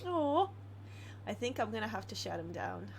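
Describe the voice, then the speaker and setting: A woman's voice: medium pitch, wildly swooping pitch, moderate pace, a little hiss or hum. A woman chatting casually while playing a video game, laughing often and telling stories with animation. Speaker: co-host. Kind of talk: casual let's-play chat.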